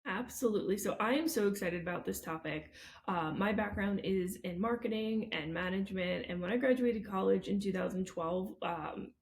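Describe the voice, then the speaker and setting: A woman in her thirties co-hosting a podcast, telling stories in an animated, playful way. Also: medium pitch. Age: 30s. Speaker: podcast co-host. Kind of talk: casual podcast chat.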